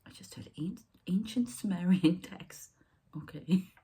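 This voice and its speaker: Middle-aged woman, psychic medium, husky voice, rambling channelling talk, hushed asides. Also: lowish voice, lively intonation, measured pace. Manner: meandering, drifts into hushed whispered asides. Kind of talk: rambling spiritual channelling monologue.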